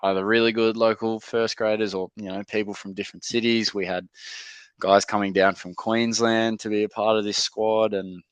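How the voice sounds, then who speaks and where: Young bloke, podcast guest, low and smooth, relaxed yarn-spinner with plenty of "um"s, dry close mic. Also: male voice, normal speed, dry recording. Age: young adult. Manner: laid-back, chatty, lots of fillers and mates' slang. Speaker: podcast guest, rugby league player. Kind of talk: casual interview storytelling.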